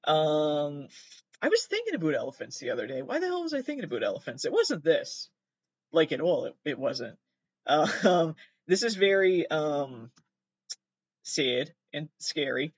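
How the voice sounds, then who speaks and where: A man's voice: fairly high pitch, huge pitch swings, moderate pace, no echo, muffled recording. A man hosting his own show, chatting casually about odd news stories in a rambling, profane, self-mocking way. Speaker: podcast host. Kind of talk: casual solo commentary on news.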